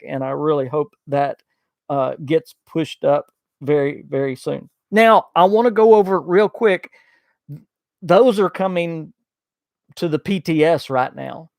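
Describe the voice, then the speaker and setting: A man's voice: a little high, gravelly, dry recording, studio quality. A man with a thick Southern US accent, hosting a casual livestream podcast, chatting folksily and reading viewer messages. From Southern United States. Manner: folksy, chatty, loses his train of thought with many uh fillers. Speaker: podcast host. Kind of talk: casual livestream chat reading super chats.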